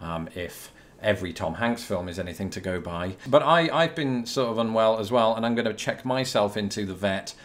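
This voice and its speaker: In a casual Q&A video, a young British-accented man talks to camera, working through viewer questions with rambling chatter and wry self-mockery. He sounds animated, his voice on the low side, and keeps a moderate pace.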